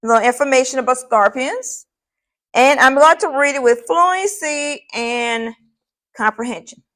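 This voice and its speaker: A woman's voice: high voice, measured pace, a bit bright. A woman teacher talking to her class before reading a short story aloud, upbeat and often checking in with students.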